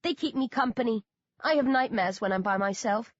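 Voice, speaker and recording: Woman reading a creepy childish man, cooing then croaking, dull dry audiobook sound. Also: a little high, fairly quick, no echo, close to an everyday voice. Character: creepy grown man who coos over children.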